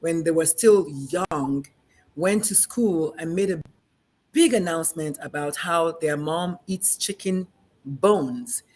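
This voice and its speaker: A middle-aged woman from Nigeria, a physician and guest, telling stories in a lively conversational way and acting out the voices of people she quotes. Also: deep voice, takes it slowly. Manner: animated storyteller, acts out quoted voices. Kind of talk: conversational discussion.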